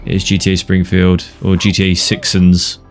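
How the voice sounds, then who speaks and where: A man's voice: low voice, completely flat delivery, normal speed. A man giving casual, profane, joking commentary while playing a video game and talking back to it. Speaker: gamer streamer. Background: game music.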